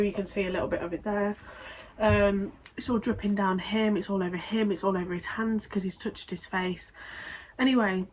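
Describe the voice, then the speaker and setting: A young woman vlogging casually, retelling an upsetting event in a rambling, emotional way with quick restarts. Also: mid-range voice, slight background noise, poor audio. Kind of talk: casual vlog storytelling.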